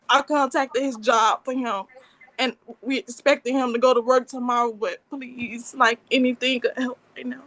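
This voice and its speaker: A woman's voice: high voice, steady tone, normal speed, a bit bright, dry recording. A woman in her twenties making an emotional, rambling plea at a court hearing over a remote call. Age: 20s. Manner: emotional, pleading, run-on sentences. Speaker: alleged victim addressing a bond hearing.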